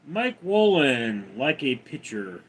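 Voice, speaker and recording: A man's voice: mid-range voice, very animated, takes it slowly, breathy edge. A man hosting a casual livestream, reading out chat names and answering them one by one in a drawl.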